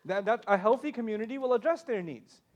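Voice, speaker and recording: A man with a fairly high voice gives a passionate talk as a panel speaker. He is animated and emphatic, and he drops in joking asides. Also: fast talker, lo-fi sound.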